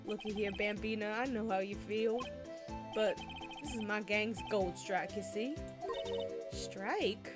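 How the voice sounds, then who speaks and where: A woman's voice: medium pitch, takes it slowly, voice pushed down, close to an everyday voice. A woman voicing a swaggering male cowboy detective in a put-on Southern drawl, over video game music. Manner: lazy folksy drawl.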